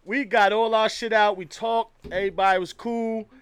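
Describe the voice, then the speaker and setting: A man in a casual group chat, an animated storyteller who acts out quotes. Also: high voice, normal speed.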